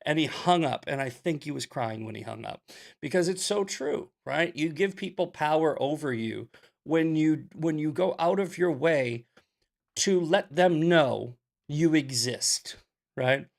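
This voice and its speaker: A young adult man hosting a casual commentary show, blunt and sarcastic, telling stories in an animated way. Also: on the high side, measured pace, creaky. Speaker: podcast host. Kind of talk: casual commentary, reading questions.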